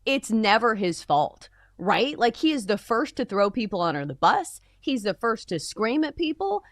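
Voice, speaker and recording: A woman's voice: on the high side, big pitch swings, normal speed, no room sound, clean studio sound. Opinionated woman sports talk co-host. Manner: opinionated, frequent "like" fillers. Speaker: sports betting show co-host.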